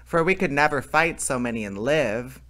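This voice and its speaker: A man's voice: mid-range voice, animated, moderate pace, fairly bright tone, close to an everyday voice. A man reading aloud and voicing a frightened male robber who speaks in a hollow, fearful way.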